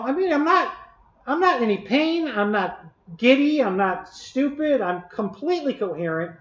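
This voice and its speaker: Rambling man telling a story to live chat. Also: high voice. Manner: rambling, with many restarts and chuckles. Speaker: live stream host. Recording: echoey room, dull lo-fi audio.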